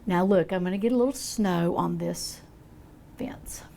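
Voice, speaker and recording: A woman's voice: lowish voice, a little slow, vocal fry, warm tone, a little hiss or hum. An older woman demonstrating a painting, talking in a chatty, folksy way as she thinks aloud. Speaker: art teacher.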